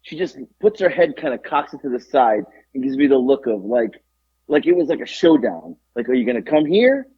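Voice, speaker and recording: A man with a husky voice, co-hosting a casual podcast, tells a story and animatedly performs both sides of the conversation, his pitch leaping around as he voices each character. He speaks briskly, and the recording is dry, a bit dull, and free of echo.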